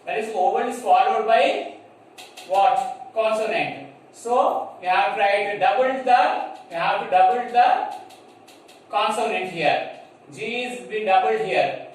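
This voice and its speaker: A man with an Indian English accent teaching a grammar lesson to children, slowly spelling out words and checking whether they understand. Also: sits high. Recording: echoey room from far off, faint noise.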